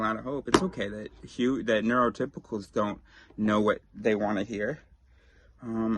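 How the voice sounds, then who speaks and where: A man vlogging, telling a story in a rambling, casual way with quick asides and restarts. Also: fairly low pitch, vocal fry, fairly bright tone, no echo.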